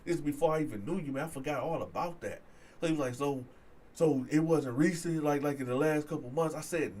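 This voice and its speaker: Animated man telling a street story. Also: on the high side, normal speed. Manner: animated, acts out other people's voices in quotes. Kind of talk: casual storytelling.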